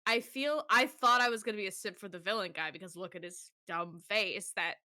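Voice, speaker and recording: A young adult woman co-hosting a casual podcast chat, animated and quick to laugh, swearing freely as she tells stories. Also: mid-range voice, no room sound, clean studio sound. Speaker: podcast co-host.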